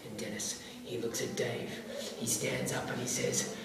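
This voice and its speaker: A woman telling a comic story in an animated way, acting out each character, heard from far off in an echoey hall. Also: rumbling low, moderate pace, crowd noise.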